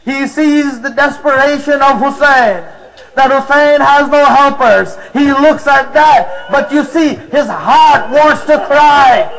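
High-voiced man preaching a story. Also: takes it slowly, fairly bright tone, rough recording. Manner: emotional, dramatic retelling. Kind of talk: sermon storytelling.

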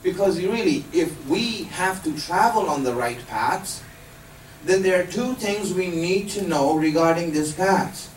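High-pitched and animated, this man speaks a little slowly as he teaches religion to a live group, explaining patiently and quizzing them. There's a little hiss or hum, and the distant mic picks up room echo.

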